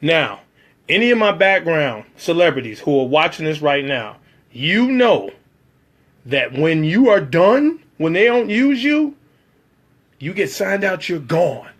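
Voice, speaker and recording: A man's voice: on the high side, sing-song, unhurried, fairly bright tone. A man telling a personal story about working as a background actor, acting out the other people's lines in shifting voices.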